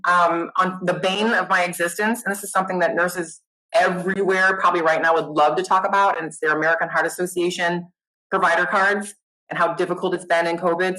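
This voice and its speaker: A middle-aged woman, a nurse guest, chatting casually in an interview, animated and self-deprecating. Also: on the low side, rough recording.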